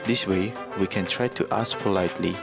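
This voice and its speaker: A man's voice: low-pitched, moderate pace, gravelly. Man reading narration over music. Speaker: student presenter. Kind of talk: read class presentation narration. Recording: music bed behind the voice.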